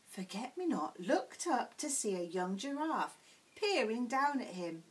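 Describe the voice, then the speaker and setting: A woman teacher reading a children's picture book aloud in a clear, expressive bedtime-story way. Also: fairly high pitch, measured pace, low-quality recording. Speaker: primary school teacher.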